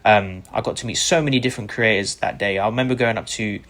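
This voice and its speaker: A fast-talking man from the UK with a fairly low voice is interviewed as a content creator. He shares his story enthusiastically and gratefully, giving lively voices to the people he quotes.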